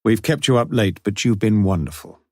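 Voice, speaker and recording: Audiobook: a man doing a clever, commanding detective, deep and slightly husky, gently coaxing. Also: moderate pace, dry recording, clean studio sound, natural voice. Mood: wry. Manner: wry, coaxing and quietly commanding. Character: shrewd, wry male police inspector. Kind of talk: audiobook character voice.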